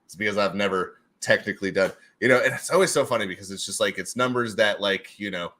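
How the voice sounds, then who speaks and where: A man hosting a casual livestream and running giveaways, excitable and goofy, laughing often and slipping into silly voices. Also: lowish voice, fast, slight background noise.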